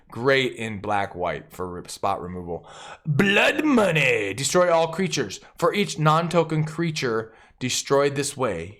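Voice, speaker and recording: Male host, card deck review, very animated pitch, energetic and jokey, rattles off card text fast. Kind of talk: enthusiastic casual deck review.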